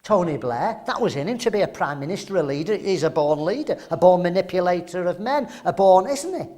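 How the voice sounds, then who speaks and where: A man's voice: sits high, expressive, a little fast, dark tone. An older man from England preaching a sermon, emphatic and full of rhetorical questions.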